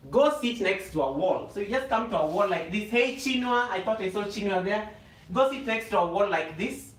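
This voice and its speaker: High-voiced man teaching a yoga class. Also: distant mic. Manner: talks while stretching, groans and exclaims; repeats phrases for emphasis. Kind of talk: live yoga class instruction. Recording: echoey room, voice away from mic.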